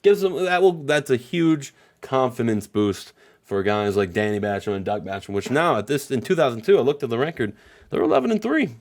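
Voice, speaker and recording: Animated man recapping a game. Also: mid-range voice, brisk. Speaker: co-host. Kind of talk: casual let's-play commentary.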